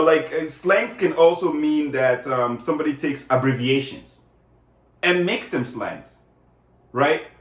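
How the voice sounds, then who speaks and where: A man giving a casual, conversational lesson, often checking in with "right?" as he explains. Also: mid-range voice. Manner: conversational, many fillers and tag questions. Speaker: lecturer. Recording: echoey room.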